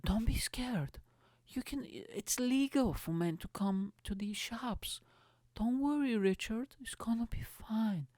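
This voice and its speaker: A man's voice: high voice, unhurried, darkish tone, no room sound, clean studio sound, voice pushed up. A man with a Scouse accent playing a pushy young woman who coaxes her boyfriend into a shopping trip, crude and swearing constantly. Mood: coaxing.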